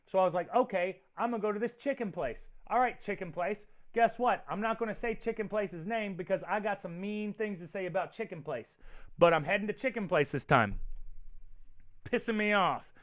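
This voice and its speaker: A man hosting his own show, chatting casually and rambling with viewers, animated and profane as he reacts to their comments. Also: high-pitched, normal speed, dry recording, studio quality. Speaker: show host. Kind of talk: casual livestream chat with viewers.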